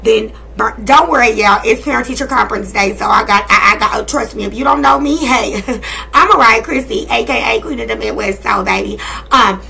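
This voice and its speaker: A woman in her thirties talks her viewers through a casual tarot reading. Her voice is strongly gravelly and bright, set a little high. She speaks bluntly and sassily, with constant profanity. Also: fairly quick, slight background noise. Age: 30s. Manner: blunt, profane, sassy and emphatic. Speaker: tarot and energy reader.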